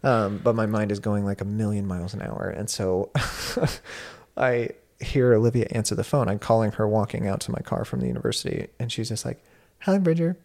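Young male guest, slightly low pitch, chatty storyteller with lots of fillers. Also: normal speed, vocal fry. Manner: animated, many fillers, laughs while telling. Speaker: university instructor and guest. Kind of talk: casual storytelling conversation.

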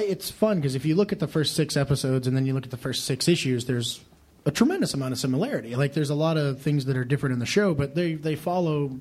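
A man's voice: on the high side, darkish tone. A man speaking as a podcast guest, a comic writer answering questions in a dry, teasing, joking way. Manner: dry, teasing, wry humor. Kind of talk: casual podcast interview.

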